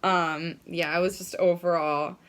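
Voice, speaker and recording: A woman's voice: fairly low pitch, steady tone, unhurried. A young woman chatting casually in a vlog, gushing and emotional, with many fillers. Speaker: vlogger. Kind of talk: casual chat.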